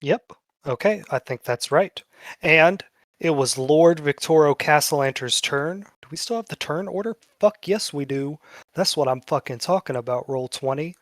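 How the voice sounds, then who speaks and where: A fairly high-voiced man runs a tabletop game, casual and loose, dropping swear words and slowing down for dramatic narration. The sound is close and dry, with no room around it. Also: dry recording. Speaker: game master.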